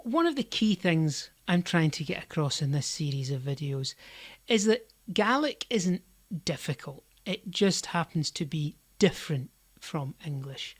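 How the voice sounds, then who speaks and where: Slow, low-voiced woman teaching. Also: no room sound. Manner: slow, deliberate explaining with stressed example sentences. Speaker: language teacher. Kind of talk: scripted language lesson.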